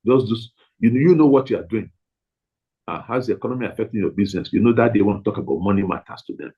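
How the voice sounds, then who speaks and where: Emphatic husky man teaching pastors. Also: on the low side, expressive, fast, lo-fi sound. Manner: emphatic, repetitive, stresses single words. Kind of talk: training talk to pastors.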